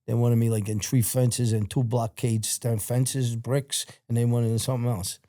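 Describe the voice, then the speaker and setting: A man with an American accent recounts his story in a loose, unpolished way, cursing freely and acting out what others said to him. His voice is dark and mellow. The sound is dry and close, with no room echo. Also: mid-range voice, moderate pace. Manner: blunt, profane, animated when quoting others. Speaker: guest telling his life story. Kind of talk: casual storytelling interview.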